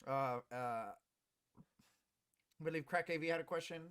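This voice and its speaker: A man's voice: a little high, steady tone, fairly bright tone, clean tone. Laid-back man hosting a sports show. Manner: laid-back, leads segments, halting. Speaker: host. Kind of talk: casual sports chat.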